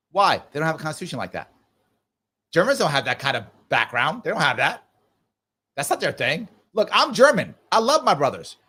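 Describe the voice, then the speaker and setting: A middle-aged man hosting a live political discussion, talking emphatically and hammering his points home through repetition. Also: fairly high pitch. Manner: emphatic and animated, repeats points. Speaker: host.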